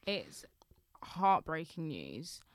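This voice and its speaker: A woman's voice: low-pitched, huge pitch swings, drawn-out words, dry recording, clean studio sound. A young woman, co-hosting a casual chat with playful, mock-dramatic delivery. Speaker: radio and podcast co-host.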